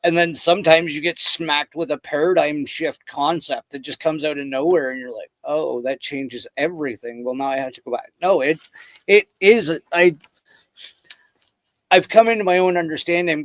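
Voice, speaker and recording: A man's voice: a little high, steady tone, moderate pace, dry recording. A man hosting a casual podcast, telling loose rambling stories and swearing freely. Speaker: podcast host.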